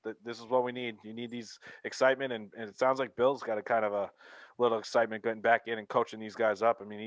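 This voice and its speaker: A man's voice: medium pitch, little pitch movement, fast talker, no room sound, highs cut off. A man co-hosting a casual sports podcast, blunt and dismissive, swearing casually.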